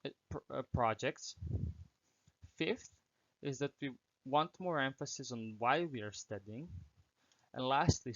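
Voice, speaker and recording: A man's voice: medium pitch, dry recording, lo-fi sound. A teenage boy from Slovenia, an English speaker, earnestly presenting a prepared talk as a student and listing his points one by one. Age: teens. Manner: earnest, reads through numbered points with small restarts.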